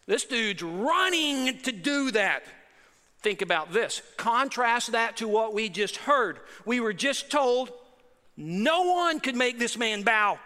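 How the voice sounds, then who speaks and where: High-voiced preacher in an echoing hall. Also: male voice, pushed and bright. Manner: emphatic, repetitive, conversational. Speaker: pastor. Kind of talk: sermon.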